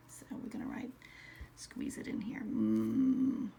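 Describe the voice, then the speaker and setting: A woman teaching an early-grade writing lesson, slowly sounding out letters and words in a soft, often whispered voice. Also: sits low, sing-song, vocal fry. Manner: slow, patient, sounding out letters.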